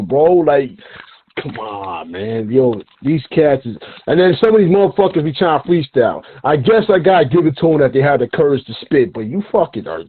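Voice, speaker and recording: A man's voice: on the high side, slightly rough. A man from New York with a New York accent, telling stories in emphatic, profane slang while hosting a casual hip hop interview. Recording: tinny, phone-like line.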